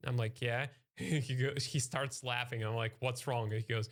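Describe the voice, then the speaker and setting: A male podcast host and comedian telling a story in casual conversation, loose and halting, full of fillers and restarts. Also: medium pitch, fairly bright tone.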